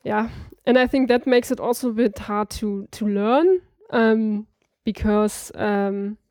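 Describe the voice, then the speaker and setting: A woman who doesn't speak Swedish as her first language explains language points in a casual practice chat, slowly and hesitantly, full of fillers and restarts. Her voice is medium-pitched and slightly mellow, captured cleanly in a studio with no echo.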